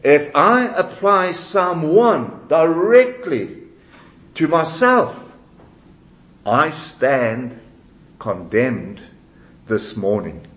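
Slow, expressive man preaching in a roomy hall. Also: on the high side. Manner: emphatic, measured, dramatic pauses. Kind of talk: sermon. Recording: roomy, dull lo-fi sound.

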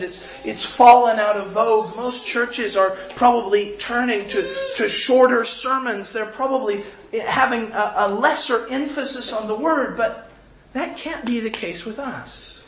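A pastor with a high, somewhat bright voice preaches a sermon, earnest and pleading, often repeating his words. The recording is of a room that sounds echoey and slightly dull.

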